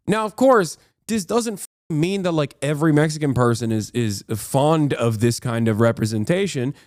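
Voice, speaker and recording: A man's voice: a little high, lively intonation, a little mellow, dry recording, studio quality. A man streaming live reaction commentary, ranting combatively, swearing a lot and cutting himself off with fillers. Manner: fast, with many fillers and self-cut swear words. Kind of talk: casual livestream reaction commentary.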